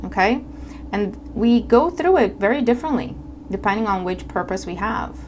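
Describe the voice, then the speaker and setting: A woman's voice: medium pitch, a little hiss or hum. A woman giving a casual tarot reading, talking conversationally and checking in with her listeners often. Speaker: tarot reader.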